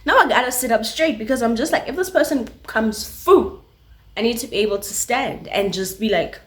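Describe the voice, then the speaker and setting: A woman's voice: a little high, moderate pace. A South African woman vlogger telling a story casually, full of filler words, switching languages mid-sentence and acting out sounds. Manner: animated storytelling with sound effects. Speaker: YouTuber.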